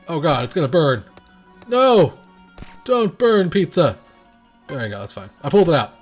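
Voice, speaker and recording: Lively young man reviewing a game. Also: a little high. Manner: rambling, many fillers and restarts. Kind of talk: casual gameplay commentary.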